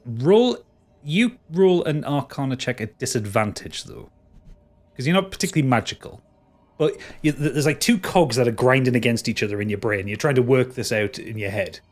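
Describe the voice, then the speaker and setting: Guy running a tabletop game, mid-pitched voice, casual and stumbly as he narrates. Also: animated, moderate pace. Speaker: game master.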